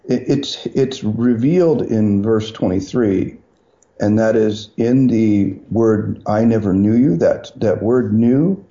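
A man's voice: lowish voice, warm tone. Brief: man radio guest, teacherly and thoughtful, slightly dull studio sound. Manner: measured, quotes scripture, thoughtful pauses. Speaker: guest, institute president. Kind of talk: radio talk, scripture teaching.

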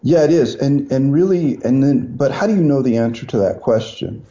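A man guest on a radio talk show, explaining scripture in a measured way with thoughtful pauses. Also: medium pitch, animated, warm tone, dull audio. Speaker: guest, institute president.

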